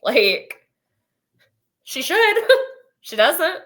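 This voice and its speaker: A woman's voice: mid-range voice, slow, long pauses. Giggly woman gushing in casual chat. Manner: animated, laughs often, acts out quotes. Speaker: guest, schoolteacher.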